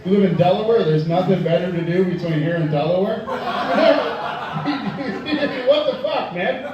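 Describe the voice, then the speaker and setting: Profane young comedian with a high voice. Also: male voice, measured pace, lo-fi sound, over a noisy crowd. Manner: crude and profane, laughs at his own jokes. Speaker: stand-up comedian. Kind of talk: stand-up comedy set. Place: tavern stage. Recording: echoey room, far from the mic.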